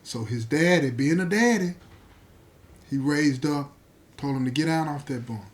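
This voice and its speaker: Slightly high-voiced male storyteller. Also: lively intonation. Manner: direct address to listeners, slow deliberate pauses. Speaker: storyteller host. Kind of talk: dramatic spoken storytelling.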